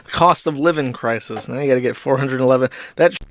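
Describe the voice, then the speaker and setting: A man's voice: mid-range voice, normal speed, a bit bright. A man giving sarcastic, profane commentary over video clips as the host of an online show.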